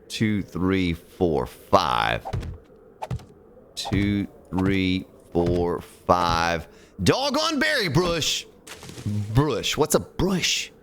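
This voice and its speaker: A man's voice: deep voice, animated, extremely slow, a bit bright, slight background noise. A man streaming a building game, counting blocks aloud, chatting with viewers and grumbling at the game as he plays. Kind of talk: casual live-stream gameplay commentary.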